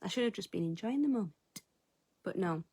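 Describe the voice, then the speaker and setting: A woman's voice: mid-range voice, lively intonation, fairly quick, warm tone, breathy edge, dry recording. Chatty self-mocking woman vlogger. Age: adult, eldest of three siblings. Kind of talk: casual storytelling.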